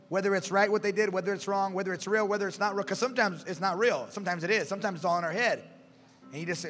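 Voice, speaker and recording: Bright high-voiced male preacher. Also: fast talker. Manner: animated, calls out to the congregation. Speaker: pastor. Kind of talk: sermon. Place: church sanctuary. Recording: reverberant church hall, faint music.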